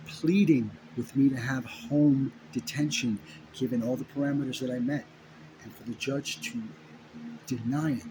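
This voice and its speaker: A man telling his own story in an impassioned monologue, swearing often and repeating phrases for emphasis. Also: medium pitch. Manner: profane, emphatic, indignant, repeats phrases for stress. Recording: steady background noise.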